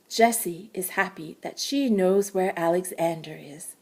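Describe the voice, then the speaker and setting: A woman with a breathy voice, reading a storybook aloud to children in a gentle, teacherly way. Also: mid-range voice, expressive, measured pace. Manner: gentle, warm-toned teacherly narration.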